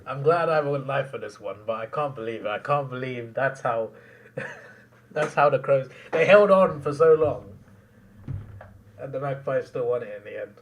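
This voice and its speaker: An excitable young man reacts live to a finished football match. He often laughs and sometimes trails off into quieter mumbles, with a mid-pitched voice. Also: moderate pace, far from the mic, a little hiss or hum.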